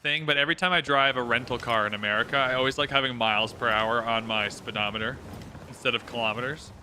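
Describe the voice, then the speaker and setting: Bright, chatty Canadian man streaming. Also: medium pitch, fast talker, slight background noise. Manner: chatty, reads out viewers' locations, swears casually. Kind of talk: casual livestream chat while playing.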